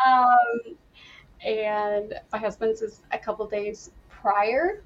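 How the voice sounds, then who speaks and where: A young woman sits in as a podcast guest and tells her story in a loose, casual way. She laughs often and acts out her own past lines, and her voice sits a little high. The recording sounds dull and lo-fi, with a faint hiss behind her. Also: big pitch swings, slow pace.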